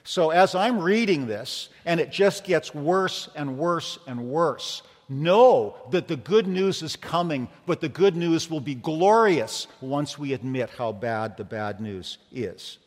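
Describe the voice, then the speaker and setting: A man's voice: on the high side, expressive, takes it slowly, hardly any pauses. A man preaching a sermon as pastor, telling stories conversationally, earnest with light humor. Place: church sanctuary. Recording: long church reverb.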